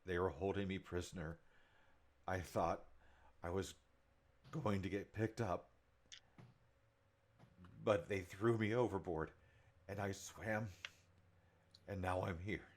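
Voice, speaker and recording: Man playing a beaten-up elf ex-prisoner, halting and urgent, very deep voice, tabletop game. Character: battered male elf escaped prisoner, urgent.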